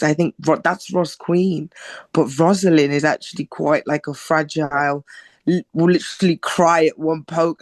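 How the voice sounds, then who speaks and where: A woman from Zimbabwe, a singer talking as a podcast guest in a soft-spoken, reflective, halting way. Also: low-pitched, no room sound. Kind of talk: casual interview chat.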